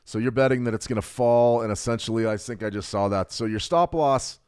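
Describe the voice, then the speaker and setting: A middle-aged man hosting a live trading stream, talking fast and joking with viewers while he reads the chat. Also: medium pitch, a little mellow, smooth. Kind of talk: live market analysis, reading chat.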